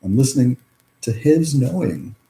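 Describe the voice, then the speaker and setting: A man's voice: mid-range voice, lively intonation, moderate pace, creaky, mellow. A young man in a reflective personal monologue, rambling through many fillers and swearing freely. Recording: echoey room.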